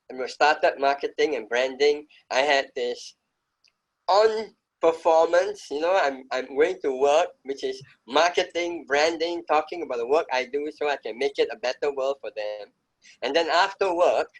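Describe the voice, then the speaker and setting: Middle-aged guy, bit higher voice, emphatic reflective storytelling in an interview. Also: poor audio. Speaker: interview guest, entrepreneur. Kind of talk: conversational interview.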